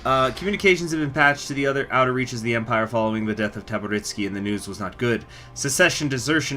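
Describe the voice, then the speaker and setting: A man's voice: medium pitch, fast, hardly any pauses, sharp tone, faint music behind. A man hosting a gaming video, reading story text aloud with casual, profane asides. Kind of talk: let's play with story reading.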